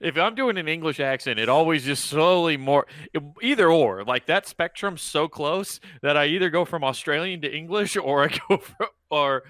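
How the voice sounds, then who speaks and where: A man's voice: fairly high pitch, lively intonation, normal speed, hardly any pauses, fairly bright tone, no echo. A man hosting a comedy podcast in casual chat, rambling and laughing through his lines.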